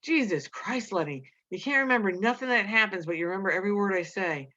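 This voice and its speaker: A weary working man speaks quietly in a flat monotone, as a woman reader voices him. The recording is dull and lo-fi. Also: medium pitch, fast talker, no echo, natural voice.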